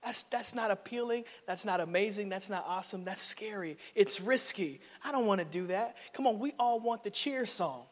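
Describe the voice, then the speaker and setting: A man preaching a sermon in a church, playful and conversational, rising to loud emphatic preaching. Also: sits high, normal speed, hardly any pauses, big-room sound. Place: church sanctuary.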